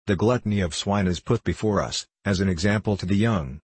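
Deep, preachy church clerk, theatrical and moralizing, storybook reading, voiced by a male narrator. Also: brisk, darkish tone, husky.

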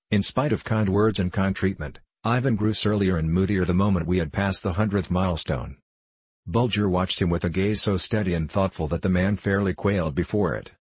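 A man narrating a classic novel in a measured, even storytelling manner. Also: deep voice, breathy edge, dry recording. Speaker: audiobook narrator.

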